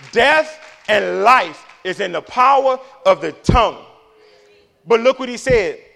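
Man, passionate sermon, low murmurs to loud declarations, gravelly. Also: expressive, a little slow, some chatter behind. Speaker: preacher.

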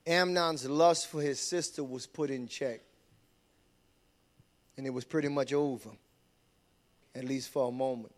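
Male pastor, fairly high voice, sermon that climbs from easy talk into loud fervent preaching. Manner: builds from low conversational talk to loud high-pitched preaching, frequent amens.

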